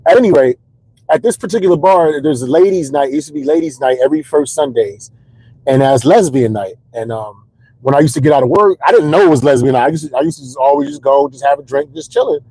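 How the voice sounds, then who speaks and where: A man's voice: on the high side, fast talker, dark tone, breathy edge, no echo, poor audio. A stand-up comedian telling candid, rambling comedic stories in casual chat, repeating words as he builds the jokes.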